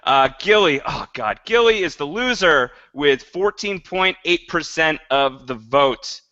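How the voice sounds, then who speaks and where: A man's voice: fairly high pitch, lively intonation, measured pace, sharp tone, no room sound. A man co-hosting a podcast in casual chat, playful and mock-dramatic. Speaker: podcast co-host. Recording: dull lo-fi podcast audio.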